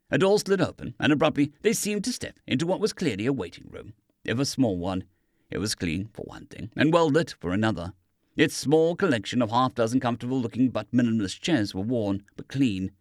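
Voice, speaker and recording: A man narrating a science fiction audiobook with expressive delivery. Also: medium pitch, no room sound, clean studio sound.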